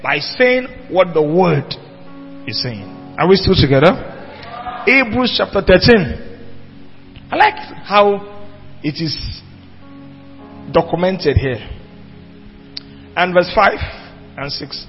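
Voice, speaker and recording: A man's voice: high-pitched, animated, measured pace, long pauses, faint music behind. A man preaching a sermon, emphatic and asking the congregation rhetorical questions. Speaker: pastor. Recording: dull lo-fi church hall recording with long reverb.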